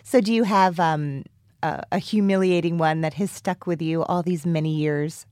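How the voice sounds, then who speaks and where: A woman's voice: lowish voice, moderate pace, darkish tone, dry recording, clean studio sound. A woman hosting a podcast, asking questions and telling stories with wry, jokey asides. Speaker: podcast host. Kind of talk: casual interview chat.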